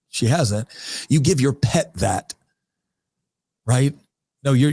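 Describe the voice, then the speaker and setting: A man's voice: mid-range voice, darkish tone, no room sound. Earnest man telling a family story. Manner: earnest, emphatic, repeats words when moved. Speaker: podcast guest. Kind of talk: heartfelt conversational storytelling.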